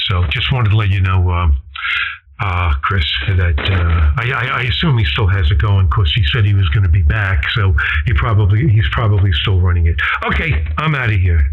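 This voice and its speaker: A man's voice: fairly low pitch, slightly rough, phone-quality sound. A man chatting cheerfully and at length as an amateur radio operator, heard through a radio transmission. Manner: rambling, cheerful. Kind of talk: casual ham radio chat.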